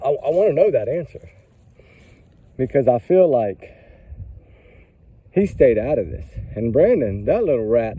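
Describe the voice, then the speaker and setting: A man's voice: medium pitch, far from the mic, narrow, tinny audio, slight background noise. A man in a casual commentary vlog, rambling and impassioned, firing off question after question. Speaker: vlogger.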